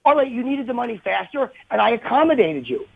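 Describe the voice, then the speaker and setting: A radio host arguing indignantly on air, aggrieved and insistent, heard over a phone line. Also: male voice, very high-pitched, big pitch swings, gravelly, husky. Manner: indignant, aggrieved, fast back-and-forth. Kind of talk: heated on-air argument.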